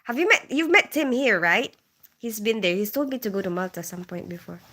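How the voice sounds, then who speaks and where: A woman's voice: mid-range voice, expressive, fairly quick, fairly bright tone. A woman hosting a casual live stream, greeting viewers by name and rambling chattily with frequent sighs. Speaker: livestream host. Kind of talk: casual live-stream chat, reading out comments. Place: London.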